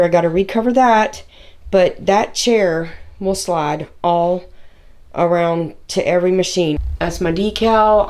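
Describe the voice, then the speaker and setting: Woman, lowish voice, casual home sewing room tour, rambling with fillers. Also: darkish tone. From Tennessee, US. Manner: chatty, rambling, with filler words and restarts. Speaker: sewing vlogger.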